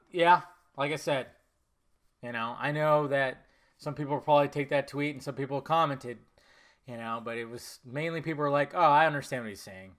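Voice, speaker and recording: A man's voice: a little high, fairly bright tone. A man hosting a film podcast in casual chat, swearing freely and rambling off on tangents with lots of self-corrections. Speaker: podcast host.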